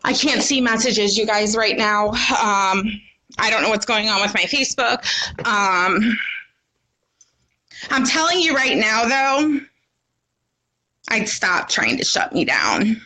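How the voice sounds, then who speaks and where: A woman's voice: mid-range voice, lively intonation, slow, long pauses, pushed and bright. A woman talking into her phone on a livestream, agitated and defiant, swearing as she tells her own story. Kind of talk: emotional livestream monologue.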